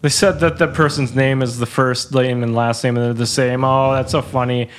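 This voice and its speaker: A man's voice: medium pitch, normal speed. Wry, self-deprecating man co-host. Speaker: podcast co-host. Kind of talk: casual chat.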